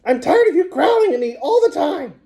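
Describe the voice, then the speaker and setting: A man voicing a snarky one-eyed male sock puppet, shrill and squeaking in an audiobook. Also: very animated, fairly quick, mellow, heavily acted. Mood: scolding. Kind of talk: audiobook character voice.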